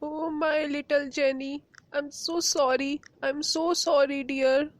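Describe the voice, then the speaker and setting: Remorseful sick mother voiced by a woman, high, plaintive, dry sound. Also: fairly even intonation, takes it slowly, dry recording. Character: remorseful sick mother, sharp with her spoiled daughter.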